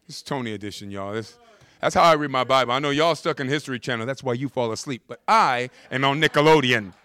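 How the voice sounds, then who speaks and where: Lively, animated male preacher. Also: medium pitch, brisk, no room sound. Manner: animated, humorous storytelling; repeats words for emphasis. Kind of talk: sermon.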